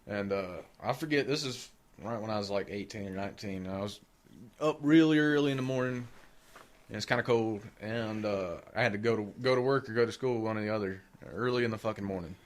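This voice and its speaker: A man's voice: fairly low pitch, fairly quick. A man on a podcast telling a ghost story from his youth in a laid-back, swearing, casual way. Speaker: podcast co-host. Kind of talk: casual chat.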